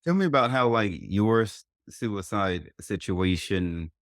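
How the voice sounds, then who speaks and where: Deep-voiced man asking halting questions. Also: animated, fairly bright tone, no room sound, clean studio sound. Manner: halting, rephrases his questions. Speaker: podcast host. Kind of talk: interview questions.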